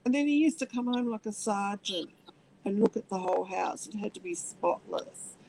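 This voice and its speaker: Gravelly middle-aged woman. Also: medium pitch, expressive, a little mellow, low-quality recording. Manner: halting, many restarts, acts out voices in quotes. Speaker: interviewee. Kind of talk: personal storytelling.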